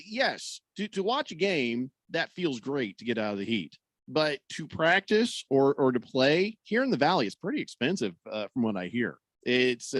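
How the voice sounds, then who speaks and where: A man with a slightly high voice hosts sports talk radio in a studio, recorded on a studio microphone with no room sound. He jokes around and reads out listener comments.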